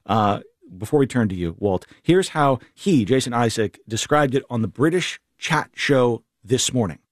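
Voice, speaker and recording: A man's voice: mid-range voice, animated, normal speed, dry recording, studio quality. A male radio host who asks questions in a playful way. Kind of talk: radio interview.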